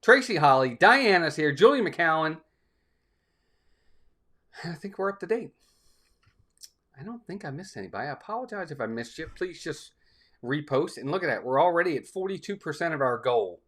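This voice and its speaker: A man's voice: on the high side, sing-song, normal speed, long pauses, sharp tone. A man hosting a live stream in a casual, upbeat way, greeting chat viewers one by one by name.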